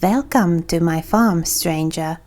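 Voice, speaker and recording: A woman's voice: fairly low pitch, takes it slowly, darkish tone, faint music behind. A woman voicing a hefty male gourd farmer who is competitive and suspicious, with a mild try at a rustic accent.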